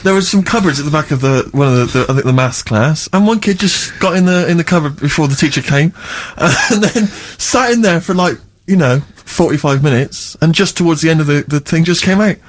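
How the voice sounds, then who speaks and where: A man's voice: a little high, animated, fairly quick, few pauses. A man co-hosting a radio show, recalling school days in a rambling, reflective way. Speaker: radio co-host. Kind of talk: casual radio banter. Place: radio studio. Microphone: studio mic.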